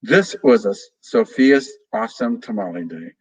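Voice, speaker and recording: A man's voice: lowish voice, breathy edge, poor audio. A man, a children's author, reading a storybook aloud expressively to children. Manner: slow, expressive, addresses children. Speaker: guest reader, children's author.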